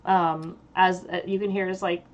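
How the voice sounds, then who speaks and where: Woman game master, casual halting narration. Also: lowish voice, flat delivery, lo-fi sound.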